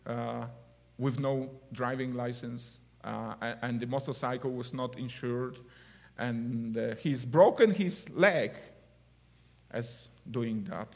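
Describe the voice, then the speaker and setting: Man preaching with lively swings. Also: medium pitch. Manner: heartfelt, broken English, swings from hushed to loud. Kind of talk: sermon. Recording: long hall reverb.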